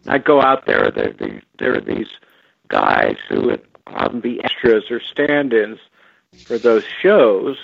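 A male guest tells stories in a relaxed way over a tinny, dry phone line with no room sound. His mid-range voice is sing-song, gravelly and breathy at the edges. He speaks slowly and haltingly, using frequent fillers and restarting his thoughts often.

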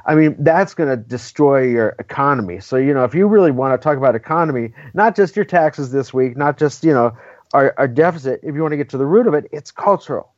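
A man's voice: medium pitch, fast, a little mellow, no echo. A man from California speaking as an interview guest, emphatic and opinionated, often tagging his points with "right?". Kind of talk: casual conversational interview. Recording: dull, lo-fi dry audio.

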